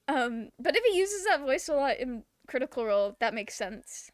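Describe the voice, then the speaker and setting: A woman with a Southern US accent chats casually and giggles while streaming a game, her high-pitched voice swinging widely in pitch. She speaks unhurriedly, pausing often and using lots of fillers, on a dry recording.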